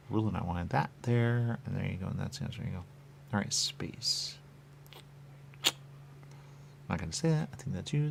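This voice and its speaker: A man hosting a radio show, talking in a rambling, repetitive monologue with muttered asides and sudden loud bursts. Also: on the low side, vocal fry, slight background noise. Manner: repetitive, playful, muttering asides, wide swings in loudness. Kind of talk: rambling stream-of-consciousness monologue.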